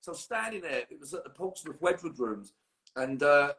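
A man's voice: on the high side, lively intonation, normal speed, a bit bright, reverberant. A middle-aged man, a guest musician swearing freely as he rambles through anecdotes in casual podcast chat.

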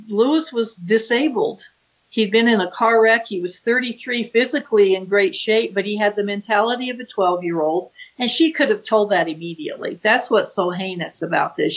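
A woman's voice: mid-range voice, rough recording. Woman author walking through a murder case, dramatic storyteller, does the voices of the people she quotes. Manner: vivid, dramatic retelling. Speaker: author recounting a true crime case.

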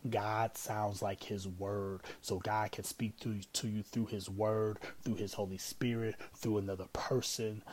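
A man's voice: fairly low pitch, level tone, a little slow, hardly any pauses, darkish tone, slight background noise, low-quality recording. A man hosting a casual teaching podcast on prayer, talking conversationally with many fillers and repeated phrases.

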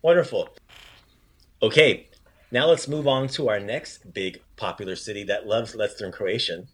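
A man hosting a casual podcast language lesson, encouraging his co-host and repeating phrases slowly. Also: on the low side, husky.

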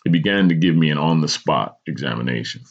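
Deep husky man telling his story. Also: quick pace, muffled recording. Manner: dramatic storytelling with small stumbles. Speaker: podcast host. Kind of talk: reading a personal story aloud.

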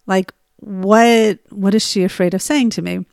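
A woman coach telling a personal story and drawing a lesson from it, in an animated way with frequent laughter. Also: mid-range voice, unhurried, gravelly, dry recording, studio quality. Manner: animated, acts out dialogue, laughs often. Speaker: coach on getting unstuck. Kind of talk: storytelling monologue with advice.

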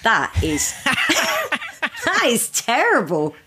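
There's background noise as a British comedian, a woman guesting remotely on a podcast from across the ocean, chats casually at a slow pace. Her fairly high voice swoops wildly in pitch, and she laughs often while mimicking film characters for comic effect.

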